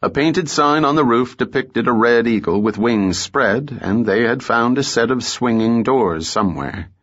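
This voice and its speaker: A man narrating a story in a measured, even way, in a muffled audiobook recording. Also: mid-range voice. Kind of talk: scripted narration.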